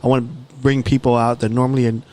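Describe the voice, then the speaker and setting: A man co-hosts a podcast in an easygoing, frank chat. He often stumbles and repeats words before he gets going. His voice sits at a middle pitch. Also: flat delivery, fast talker, darkish tone. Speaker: podcast co-host. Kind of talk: casual chat.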